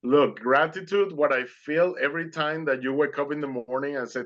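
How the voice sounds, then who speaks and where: A man's voice: a little high, normal speed, hardly any pauses, muffled recording. A man speaking as an interview guest, telling his story earnestly and animatedly in non-native English phrasing over a video call.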